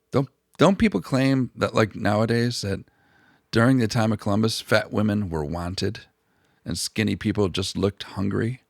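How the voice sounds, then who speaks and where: A man's voice: fairly low pitch, normal speed, creaky, dry recording, clean studio sound. A man hosting a history channel, rambling through profane, mocking comedic commentary full of asides and restarts.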